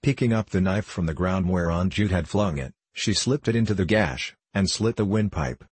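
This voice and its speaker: Deep, husky male narrator. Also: moderate pace, no room sound. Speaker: audiobook narrator. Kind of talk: scripted narration.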